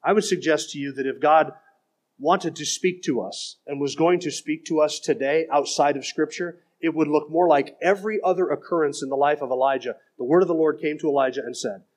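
A middle-aged male pastor with a notably high voice, preaching emphatically. He reads quotations aloud and then pushes back on them with firm, critical emphasis. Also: fairly quick. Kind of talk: sermon.

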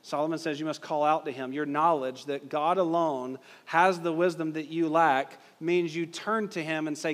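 A man's voice: a little high, fairly even intonation, moderate pace, hardly any pauses. A male pastor preaching a sermon, emphatic and driving points home with rhetorical questions. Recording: long reverb of a hall.

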